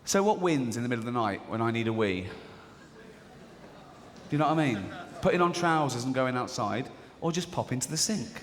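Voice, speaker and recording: Comedian telling stories on stage. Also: male voice, medium pitch, animated, brisk, a little hiss or hum. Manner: chatty storytelling, acts out voices of people in anecdotes. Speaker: stand-up comedian. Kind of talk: live stand-up comedy. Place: large theatre stage. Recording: live hall reverb with faint audience ambience.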